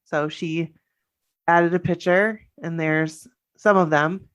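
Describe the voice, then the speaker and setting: A woman's voice: lowish voice, fairly even intonation, slow, clear, resonant tone, lo-fi sound. A woman co-hosting a casual podcast, gushing and chatty as she reads out listener stories. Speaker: podcast co-host.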